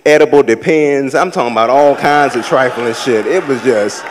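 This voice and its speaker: A man from the American South doing a live stand-up set, with sassy, campy storytelling and loud acted-out asides. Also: mid-range voice, normal speed, long reverb tail, a little hiss or hum. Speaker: stand-up comedian. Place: large theater stage with a live audience.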